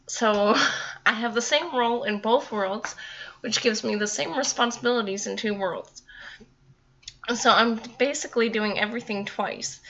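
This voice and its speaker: A woman's voice: medium pitch, pushed and bright, dull audio. A young woman talking casually to her viewers, rambling and chatty with frequent laughs. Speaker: vlogger. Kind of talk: casual talk to camera.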